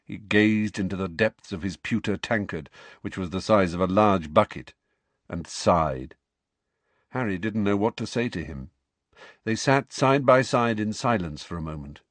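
A man narrating a novel aloud with expressive storytelling. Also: on the low side, measured pace, no echo. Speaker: audiobook narrator. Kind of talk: scripted narration.

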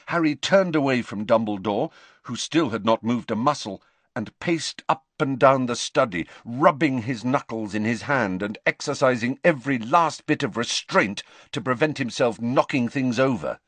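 Man narrating a novel; lively melodic read, dry studio sound. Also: mid-range voice, normal speed, no echo. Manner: expressive, varied delivery. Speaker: audiobook narrator. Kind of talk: scripted narration.

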